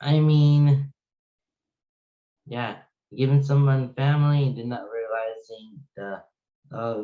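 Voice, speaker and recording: A man's voice: medium pitch, darkish tone, lo-fi sound. A man reading creepy stories aloud and reacting to them, musing to himself with exclamations and puzzled questions. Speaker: reaction video host.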